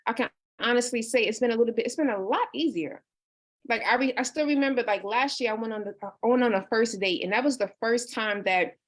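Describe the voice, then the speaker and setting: A woman in her thirties, a life coach, talking casually and earnestly on a livestream, reading out viewer comments. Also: fairly high pitch. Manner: earnest and personal, with many restarts and "you know". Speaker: life coach hosting a book discussion.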